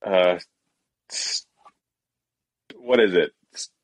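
A man's voice: sits low, extremely slow, no echo. A man co-hosting a podcast in casual, jokey, rambling chat. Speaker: podcast co-host.

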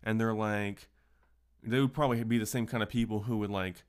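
Low-voiced man ranting with constant cursing. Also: steady tone, a little fast, clean tone. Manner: profane, ranting storyteller. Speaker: podcast host. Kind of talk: casual solo podcast rant.

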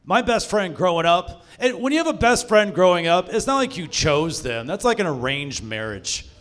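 A man's voice: high-pitched, big pitch swings, moderate pace, a bit bright. A young man doing a stand-up set in a comedy club, profane and self-mocking as he tells stories. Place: live comedy club stage.

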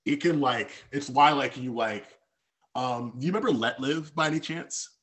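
A man's voice: mid-range voice, normal speed, fairly bright tone. A man as a podcast guest, speaking candidly and reflectively about personal feelings, with many fillers and restarts.

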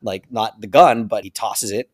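A man's voice: on the low side, moderate pace, no echo, studio quality. A man co-hosting a podcast, animatedly retelling a story in casual chat. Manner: animated retelling with frequent laughs. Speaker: podcast co-host.

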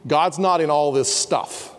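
Man preaching in a reverberant hall. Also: a little slow. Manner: earnest, drops to a soft low voice for quiet passages. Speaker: pastor. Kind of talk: sermon. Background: students in a campus service.

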